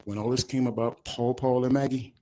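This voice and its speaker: A man, crying as he gives an emotional, halting victim statement at a courtroom podium microphone. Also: medium pitch, fairly even intonation, warm tone. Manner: emotional, halting, breaks off mid-sentence.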